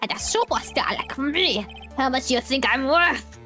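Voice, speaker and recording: A woman's voice: high-pitched, expressive, moderate pace, sharp tone, faint music behind. A woman voicing a smug, two-faced male celebrity villain who gloats over his crimes with a sneering delivery.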